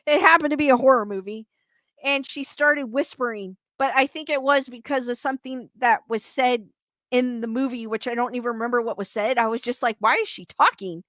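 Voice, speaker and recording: A woman's voice: on the high side, brisk, a bit bright, no echo. A woman hosting a livestream, chatting casually, reading viewer comments aloud and laughing often. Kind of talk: casual chat.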